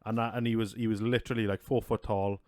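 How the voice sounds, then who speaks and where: A man's voice: on the low side, level tone, fast, a little mellow, dry recording, clean studio sound. A man, co-hosting a podcast and telling a rowdy, sweary story with a lot of laughter. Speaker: podcast co-host. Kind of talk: casual storytelling chat.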